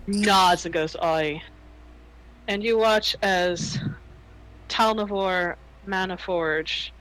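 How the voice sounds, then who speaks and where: Male game master, slow-paced, casual storyteller. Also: high-pitched, pushed and bright, low-quality recording. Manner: unhurried storytelling, casual swearing. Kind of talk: narrating a tabletop game.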